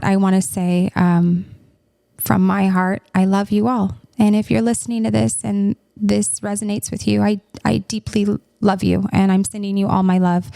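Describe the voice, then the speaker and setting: Woman, 30s, podcast coach; earnest and soothing, mellow and a little gravelly. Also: medium pitch, no echo, clean studio sound. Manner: earnest, soothing, direct address to listeners. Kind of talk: heartfelt podcast chat.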